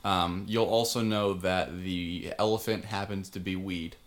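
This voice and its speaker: A man co-hosting a casual chat, making dry, deadpan asides. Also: low-pitched, unhurried.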